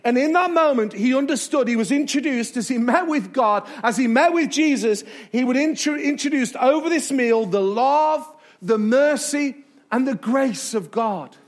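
A man preaching as a pastor in a church, emphatic, with dramatic pauses and repetition. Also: very high voice, lively intonation. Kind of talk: sermon. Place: church sanctuary.

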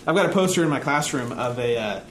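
A man's voice: medium pitch, animated, fast talker, a bit bright. A man teaching a conversational sermon, often checking in with the listeners by asking "right?". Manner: casual, asks "right?" often. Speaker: preacher and teacher. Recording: echoey room, faint background noise.

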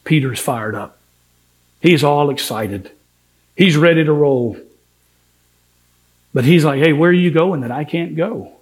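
A man's voice: on the high side, measured pace, pauses often. A man preaching a sermon as pastor, earnest and emphatic, acting out the words of biblical figures in quotes.

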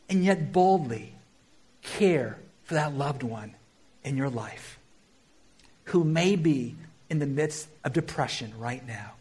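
A male pastor delivers a sermon in a high, husky voice. He swings between loud emphatic peaks and hushed, slowed phrases. His pitch moves widely as he preaches.

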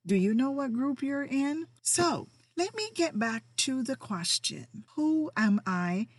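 A woman's voice: high voice, animated, slow, slightly rough, no echo. A middle-aged woman hosting a personal podcast, telling her own story in a feisty, emphatic way. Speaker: podcast host.

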